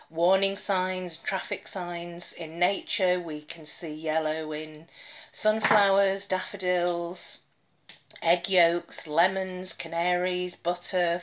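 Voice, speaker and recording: Chatty woman, low voice. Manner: chatty, rambling, with soft whispered asides. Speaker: nail polish vlogger. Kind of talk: casual chat to camera.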